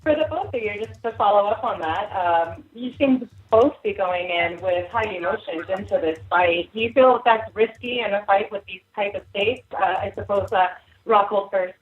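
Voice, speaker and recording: A woman reporter asking polite, measured questions on a conference call. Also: medium pitch. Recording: tinny phone line.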